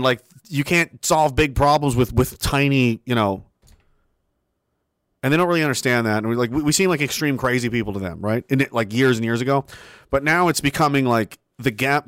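A man's voice: mid-range voice, a bit bright, no room sound, studio quality. A young man, hosting a casual livestream, reading chat messages aloud and talking in a rambling, profane way.

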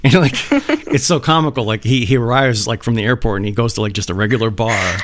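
A man's voice: mid-range voice, fast talker, a bit bright. A man hosting a casual podcast interview, enthusiastic, often repeating words as he talks. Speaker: podcast host, publisher.

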